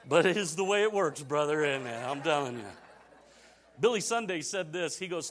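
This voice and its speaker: A male pastor delivering a sermon in a church, talking to the congregation like a friend. His fairly high voice falls into easy repetitions, then rises to emphatic peaks. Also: lively intonation, normal speed, a bit bright.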